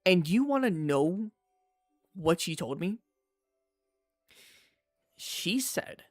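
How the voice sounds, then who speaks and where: A man streaming, telling a personal story to his chat in a casual, animated way, often checking in with "right?". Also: high-pitched, extremely slow, long pauses, soft background music. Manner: animated storyteller, repeats himself, says "right?" a lot.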